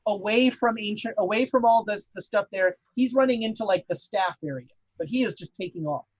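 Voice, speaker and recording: A man's voice: high-pitched, brisk, dry recording. A man narrating a tabletop horror game as game master, rambling with many fillers.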